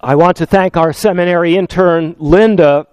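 An older man preaching a sermon in church, his voice going hoarse, rambling along with many fillers and wry asides. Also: high-pitched, normal speed, a little mellow, no room sound. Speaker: pastor. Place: church service.

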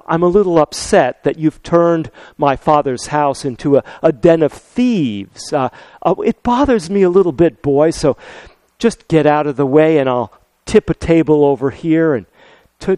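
A man doing a meek, mock-gentle apologizer. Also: a little high, expressive, dry recording, lightly acted. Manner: sarcastic, halting, mock-gentle. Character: meek, mealy-mouthed man apologizing while acting.

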